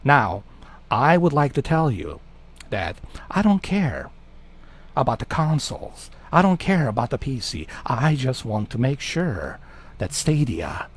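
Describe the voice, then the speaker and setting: A man putting on a menacing male villain voice with a slow, drawn-out delivery. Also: medium pitch, very animated, husky, exaggerated voice. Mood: scheming. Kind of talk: put-on villain voice in a gaming vlog.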